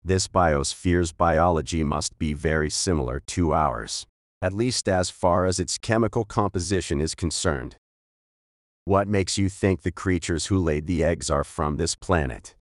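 A man reading the part of a calm, philosophical older man in an audiobook, speaking in a measured, gentle way. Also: low-pitched, no room sound, clean studio sound. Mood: musing.

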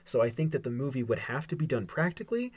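A man's voice: mid-range voice, very animated, quick pace. A man co-hosting a podcast, chatting casually, with a rambling, self-repeating and playful way of talking. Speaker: podcast co-host.

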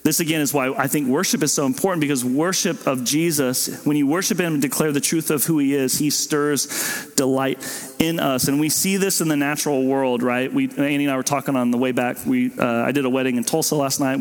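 A young adult male pastor preaching a casual, animated sermon, slipping into playful voices for babies and parents. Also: on the high side. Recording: long hall reverb.

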